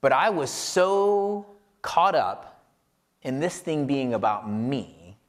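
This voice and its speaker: A man's voice: mid-range voice, animated, takes it slowly. A man casually telling a self-deprecating personal story, rambling, with many filler words. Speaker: podcast co-host reflecting on scripture.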